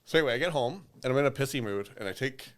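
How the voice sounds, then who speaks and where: A man co-hosting a podcast, telling a story in a loose, profane, animated way. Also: medium pitch, racing. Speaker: podcast co-host. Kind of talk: casual storytelling chat.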